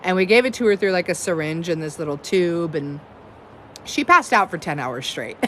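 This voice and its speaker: A woman's voice: medium pitch, normal speed, fairly bright tone. A woman in her thirties, hosting as an herbalist, chatting casually and effusively, with many "like"s and "um"s. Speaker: herbalist host. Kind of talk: casual livestream chat.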